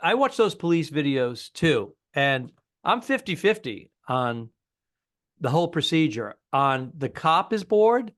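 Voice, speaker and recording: A man's voice: on the high side, very animated, unhurried, a bit bright. A man co-hosting a comedy podcast, chatting casually in a rambling way and often cutting in. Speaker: podcast co-host.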